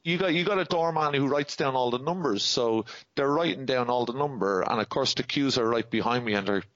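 A man's voice: mid-range voice, a little fast, a bit bright, dry recording. An Irish man telling stories as a podcast guest in casual chat, rambling and restarting his words often. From Ireland. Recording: dull dry podcast sound.

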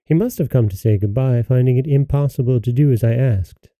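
A man's voice: mid-range voice, a little fast, warm tone, no echo, lightly acted. A man reading as a proud, stubborn young princess. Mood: firm.

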